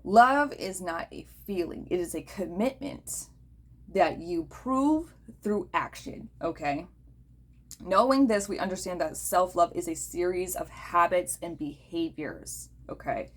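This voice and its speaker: Woman, lowish pitch, blunt, swears a lot, casual talk, keeps asking "okay?". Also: animated, measured pace. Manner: blunt, profane, checks in with "okay?". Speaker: host.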